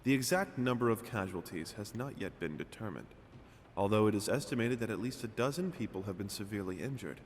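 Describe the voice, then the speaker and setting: A man's voice: fairly low pitch, expressive, brisk, in a large hall, slight background noise, lightly acted. A man as a solemn news announcer. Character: formal radio news announcer. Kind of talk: news bulletin reading.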